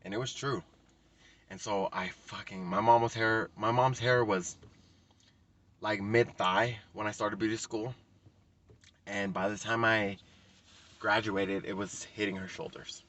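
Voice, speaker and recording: A man's voice: on the low side, steady tone, unhurried, pauses often, a bit bright. A young man who works as a hairstylist, telling a casual, profane story in a vlog with lots of fillers. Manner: casual and profane, with many likes. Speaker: hairstylist vlogger.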